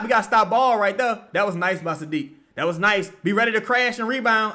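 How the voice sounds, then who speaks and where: A man giving profane, excitable live commentary while he watches a basketball game, often shouting at plays. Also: high voice, brisk, few pauses. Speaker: live-reaction streamer.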